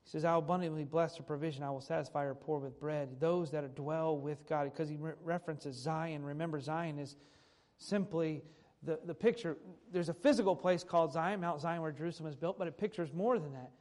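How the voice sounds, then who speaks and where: Male preacher with a somewhat high voice, reads old scripture and then unpacks it plainly. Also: steady tone, brisk, darkish tone. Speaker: pastor. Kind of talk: sermon with scripture reading.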